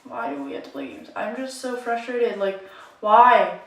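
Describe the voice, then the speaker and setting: A woman's voice: a little high, lively intonation, normal speed. A young woman vlogger ranting casually to camera, frustrated and rambling, saying "like" often. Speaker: makeup vlogger. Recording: echoey room, mic at a distance.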